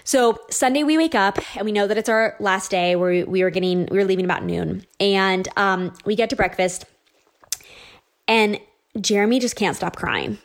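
A woman in her thirties tells a story in a loose, conversational way. She jumps between thoughts, fills pauses with "um" and "like", and acts out the little exchanges. Her voice sits at an ordinary middle pitch. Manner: chatty, animated, lots of likes and ums. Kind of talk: casual storytelling monologue.

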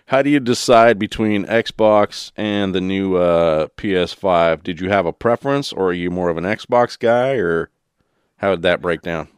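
A man's voice: low-pitched, measured pace, clear, resonant tone, no echo. A man hosting a podcast in casual chat, rambling and loose with lots of fillers. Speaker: podcast host.

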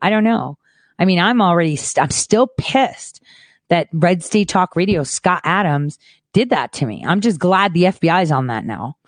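A woman hosting her own show and ranting in a frustrated monologue, lower-pitched than most women. She swears freely and swings between quiet, muttered asides and loud, boastful outbursts. The sound is close and dry, with no room echo. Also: animated, normal speed. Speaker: host.

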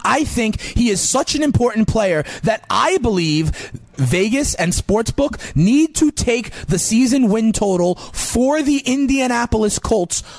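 A man giving fantasy football analysis in an emphatic, animated sports radio style. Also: very high-pitched, a little slow, creaky, no echo. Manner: animated, emphatic, sing-song delivery.

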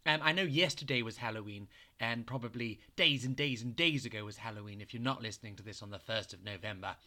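A man's voice: lowish voice, fast, pushed and bright. A man hosting a children's storytelling podcast, chatting playfully and narrating with animation. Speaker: host and storyteller.

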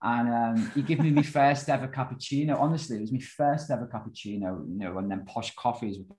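A man in his forties with a Liverpool accent, a guest telling his life story in a casual, animated way and often saying "you know". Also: mid-range voice, brisk, a little hiss or hum, low-quality recording. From Liverpool, England.

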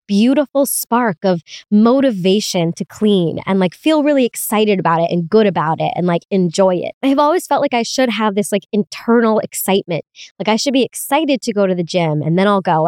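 Candid, swearing woman podcaster, smooth voice. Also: mid-range voice, a little mellow, no room sound, studio quality. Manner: candid, swears freely, laughs often, mock-whining asides. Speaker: podcast host. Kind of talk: casual solo podcast chat.

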